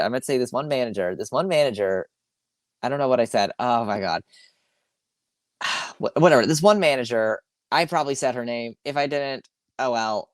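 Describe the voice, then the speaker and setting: A man's voice: medium pitch, no echo, clean studio sound. Rambling, swearing man on a solo podcast. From Long Island, New York. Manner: rambling, swearing, self-correcting, with sighs. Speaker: podcast host. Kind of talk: casual solo podcast rant.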